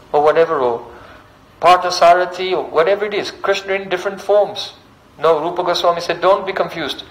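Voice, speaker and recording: High-voiced man giving a devotional talk. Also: rough recording. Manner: storytelling with scripture recitation, frequent "hmm?" checks to listeners. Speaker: speaker giving a devotional discourse. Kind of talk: sermon.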